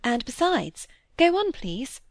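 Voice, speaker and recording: A woman's voice: high-pitched, very animated, takes it slowly, no room sound, pitched above the performer's own voice, full character voice. An eager, candid young girl from a period novel, as a woman narrator voices her. She speaks openly and earnestly, recorded dry and close. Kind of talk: audiobook character reading.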